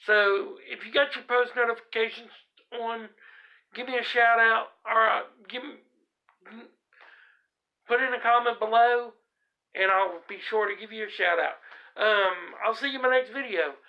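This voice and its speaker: A man tells a story from his own life straight to camera, rambling and unhurried, full of ums and restarts. His voice has a gravelly, creaky edge. The recording sounds dull and lo-fi. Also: very high voice. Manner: rambling, laid-back, many fillers and restarts. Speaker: vlogger.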